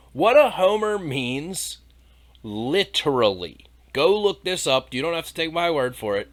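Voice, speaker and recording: A man with a slightly high voice tears into scripture in an irreverent comedy podcast. He swears freely, turns sarcastic and laughs at his own jokes. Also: a bit bright. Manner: reads scripture aloud then mocks it. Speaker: podcast host. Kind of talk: irreverent comedic Bible commentary.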